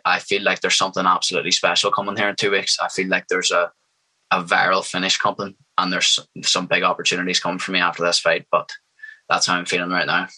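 A man's voice: sits low, sharp tone, rough recording. A young man, a fighter speaking as a guest in a casual interview, confident and hyped. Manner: confident, hyped, trash-talking.

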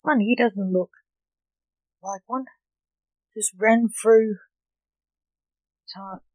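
Slow, measured story reader. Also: medium pitch, fairly even intonation, darkish tone, no room sound, low-quality recording. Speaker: narrator. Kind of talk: reading a story aloud.

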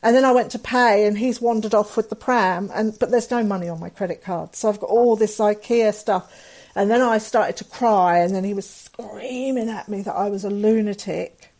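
Heard first is a mid-pitched woman talking at an ordinary pace, candid and earnest as she recounts something personal. She is middle-aged and speaks as an interview guest, rambling a little with fillers and restarts. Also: normal speed, a little mellow. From England. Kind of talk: personal storytelling in conversation.

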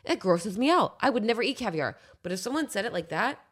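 A young woman chatting casually as a podcast guest, animated and swearing freely, sometimes dropping into soft cooing whispers. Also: medium pitch, quick pace, husky. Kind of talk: casual chat.

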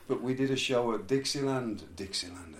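A man's voice: medium pitch, moderate pace. A man telling a rambling, laughing story in casual chat. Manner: rambling, laughs through his stories. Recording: echoey room, faint background noise.

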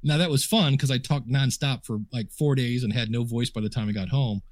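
Speaking briskly in a mid-range voice, this podcast guest spins casual anecdotes full of fillers and reported dialogue. He sits at a home office desk for the interview, and the studio-quality recording has no room sound.

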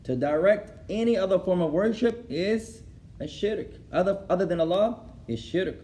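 Speaking like a teacher before a class, an Islamic instructor uses a mellow, fairly high, expressive voice at a normal pace. He shifts between English and Arabic, translating as he goes. He repeats key phrases for emphasis and chuckles at his own anecdotes.

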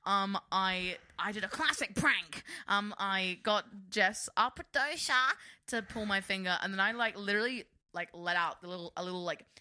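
A woman's voice: mid-range voice, normal speed, sharp tone, a little hiss or hum. A woman co-hosting a podcast in casual, giggly chat, swearing freely. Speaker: podcast co-host.

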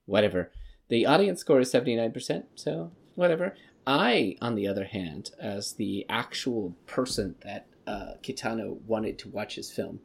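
A man's voice: fairly low pitch, animated, moderate pace, gravelly, slightly rough. A man hosting a podcast, ranting profanely in casual movie review chat. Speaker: podcast host.

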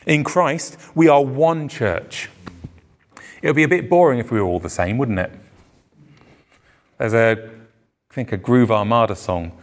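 A man delivers a sermon in a church venue, his voice gravelly with fry. His preaching is earnest and emphatic, rising on the words he wants to land. He speaks into a microphone for a live congregation. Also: mid-range voice, a little slow, long pauses. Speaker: pastor.

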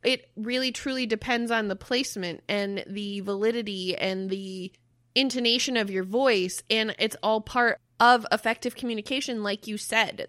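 A woman co-hosting a podcast in casual chat, emphatic, swearing freely and laughing loudly. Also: medium pitch, no echo, clean studio sound. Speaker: podcast co-host.

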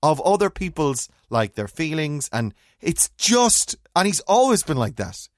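Man, thirties, lively swooping pitch, rambling anecdotes, dry close sound. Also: unhurried, no room sound. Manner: rambling, animated storytelling with frequent restarts. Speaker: podcast co-host. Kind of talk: casual chat.

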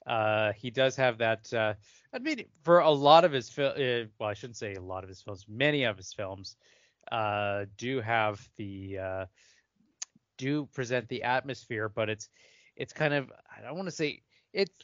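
A man's voice: medium pitch, a little slow, no room sound. A man talks through a film in casual commentary, circling his points and restarting sentences. The recording is dry and close with dull, lo-fi sound. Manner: rambling, hedging, restarting sentences. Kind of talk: casual movie commentary chat.

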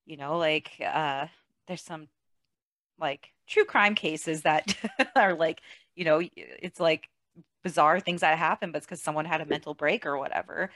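A woman's voice: low-pitched, unhurried, no room sound, studio quality. A woman hosting a podcast, chatting casually about a movie, laughing often and peppering her talk with "like.". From outside the US. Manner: laughs often, animated, says "like" a lot. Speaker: podcast host. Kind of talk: casual movie review chat.

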